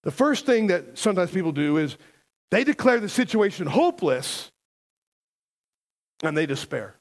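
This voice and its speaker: A man's voice: high-pitched, animated, brisk. A man preaching a sermon as a pastor, emphatic and conversational, often asking the congregation questions.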